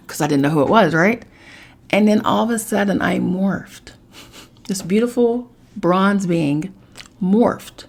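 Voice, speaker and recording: A woman hosting a podcast, telling a personal story in a casual, animated way and swearing freely. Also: mid-range voice, unhurried. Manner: animated, swearing, acts out voices of others. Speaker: podcast host.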